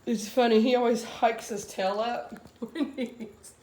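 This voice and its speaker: A woman's voice: fairly even intonation, measured pace, darkish tone, echoey room. A woman, a dog breeder chatting casually in a home vlog as she feeds and trains her puppies. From US Gulf Coast. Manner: chatty, switches to high baby talk for the puppies.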